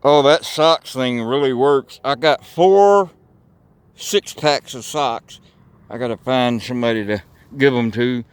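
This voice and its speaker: Slow-talking folksy man outdoors. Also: mid-range voice, clear, resonant tone, dry recording. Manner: rambling, folksy, swears casually. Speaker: vlogger. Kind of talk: casual outdoor vlog narration. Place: outdoors by railroad tracks.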